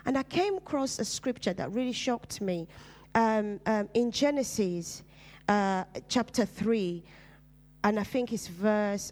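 A woman preacher from Uganda speaks conversationally about her personal testimony. Her delivery is earnest, and she becomes quiet and low whenever she touches on painful memories.

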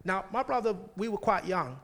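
A man preaching a sermon, telling a personal story with lively laughter and frequent asides to the congregation. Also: high-pitched, moderate pace, a little hiss or hum. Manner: animated, laughing, keeps asking "do you know what I mean".

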